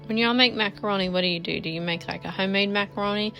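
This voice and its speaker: A woman's voice: medium pitch, very fast, gravelly, sharp tone. A woman, chatting casually to viewers while cleaning her home kitchen. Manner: chatty, addresses viewers as y'all. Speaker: cleaning vlogger. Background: faint music.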